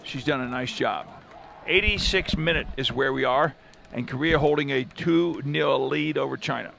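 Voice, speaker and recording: Gravelly-voiced male football commentator. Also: medium pitch, normal speed, fairly bright tone. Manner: chatty, reflective asides between plays. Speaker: play-by-play commentator. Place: stadium commentary booth with air conditioner.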